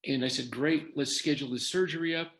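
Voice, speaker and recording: A man's voice: fairly high pitch, fairly even intonation, brisk, fairly bright tone. An older man telling his own story in a talk, quoting others' words as he goes. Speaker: guest sharing his story.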